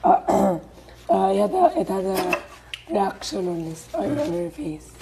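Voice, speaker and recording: A woman's voice: mid-range voice, big pitch swings, slow, creaky, background noise. A woman explaining things in English for the others in a casual chat. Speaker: interpreter for the group. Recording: kitchen clatter of dishes behind.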